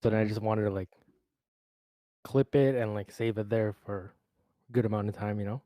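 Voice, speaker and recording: A man chatting casually on a group podcast, relaxed and matter-of-fact. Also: lowish voice, moderate pace, no room sound. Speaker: streamer guest.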